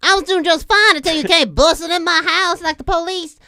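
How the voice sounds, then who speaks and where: A man voicing a sassy, quick-tongued young woman with brash, teasing comebacks while reading fan fiction aloud for comedy. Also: extremely high pitch, creaky, sharp tone, dry recording, clean studio sound, voice pushed up, full character voice.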